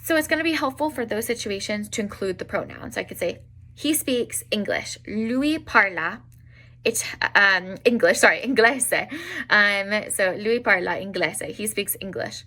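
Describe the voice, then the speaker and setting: A young woman teaching an online language lesson, spelling out examples slowly with frequent fillers. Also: medium pitch, pushed and bright. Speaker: Italian teacher.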